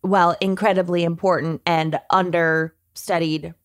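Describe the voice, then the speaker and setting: A young adult woman co-hosting a podcast in casual chat, quick, frank and often laughing. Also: fairly low pitch, level tone, dry recording, studio quality. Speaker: podcast co-host.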